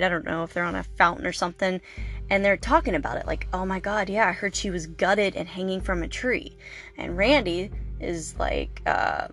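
A woman's voice: fairly low pitch, gravelly, fairly bright tone. A woman hosting a podcast, recapping a horror movie in a chatty, rambling way with fillers and laughter. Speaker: podcast host.

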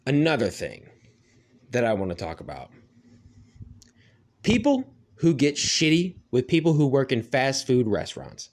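A man's voice: medium pitch, wildly swooping pitch, measured pace, long pauses. A man in a casual ranting monologue, swearing freely and rambling with lots of "like" fillers. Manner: profane, rambling, heavy "like" fillers.

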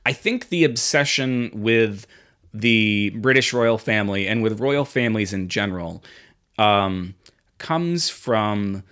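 A man's voice: fairly low pitch, animated, slow pace, a bit bright. A man co-hosting a podcast, chatting casually, rambling with frequent restarts and casual swearing. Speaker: podcast co-host. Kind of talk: casual chat.

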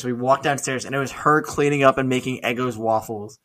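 A man's voice: mid-range voice, a little fast. A young man, a podcast co-host, telling stories in casual chat, swearing often and laughing along. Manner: swears often, animated storyteller, laughs mid-story.

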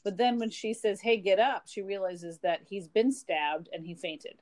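A woman's voice: lowish voice, moderate pace, darkish tone. A woman in casual chat about a novel, chipping in details with many fillers and restarts. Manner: chatty, interjects and adds details, many fillers. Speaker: podcast co-host discussing a novel.

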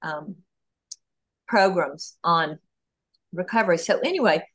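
Animated woman guest in a podcast interview. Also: fairly low pitch, takes it slowly, husky. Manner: animated, talks through ideas with many fillers. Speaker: author and guest.

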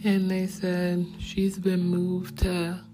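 A woman telling a personal family story in a slow, subdued and reflective way. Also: lowish voice, monotone. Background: soft acoustic guitar music.

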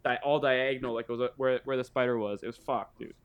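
A man's voice: medium pitch, steady tone, fast talker, smooth, muffled recording. A young man from Canada co-hosting a podcast, chatting casually, laughing often and swearing freely. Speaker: podcast co-host. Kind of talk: casual chat.

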